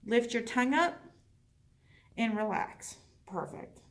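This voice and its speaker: Woman instructor, chatty and encouraging, fairly high voice, heard from far off in an echoey room. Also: expressive. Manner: chatty, encouraging, coaching with quick asides. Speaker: dental assisting instructor. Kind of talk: hands-on classroom demonstration.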